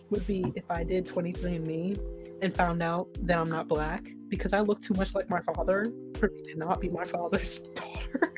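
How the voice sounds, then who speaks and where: A young woman co-hosting a podcast, chatting casually with a friend, animated and laughing, swearing freely. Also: on the low side. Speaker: podcast co-host. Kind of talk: casual chat between friends.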